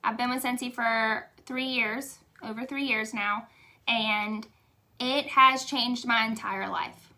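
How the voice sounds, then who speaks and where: A woman's voice: a little high, steady tone, slow pace, sharp tone. A young woman giving a candid, emotional motivational testimonial, chatty and saying y'all. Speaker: direct sales leader.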